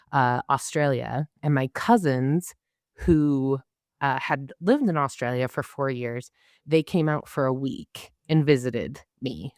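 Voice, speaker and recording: A woman's voice: a bass voice, clear, resonant tone, no room sound, clean studio sound. A woman in her twenties, a podcast guest, telling travel stories casually and acting out quoted dialogue. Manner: animated, acts out quoted dialogue. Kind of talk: casual storytelling.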